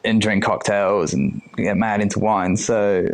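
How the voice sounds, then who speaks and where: A chatty man with a voice that sits a little low, telling stories with loose, easy swearing. He is a chef in his thirties, speaking as a podcast guest in relaxed conversation. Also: unhurried. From United Kingdom. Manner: chatty, swears casually, acts out quoted speech. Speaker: chef and restaurant owner, guest. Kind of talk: casual interview chat.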